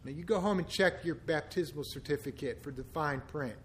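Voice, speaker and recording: A middle-aged pastor with a notably high voice delivers a sermon. He keeps a casual, conversational tone but pushes into emphatic, impassioned stretches. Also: normal speed, few pauses, sharp tone.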